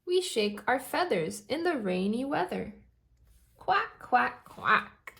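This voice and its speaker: A woman's voice: a little high, sing-song, slow pace, vocal fry, a bit bright, full character voice. Ducky, a woman reading as a cheerful little duckling. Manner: sing-song storybook reading.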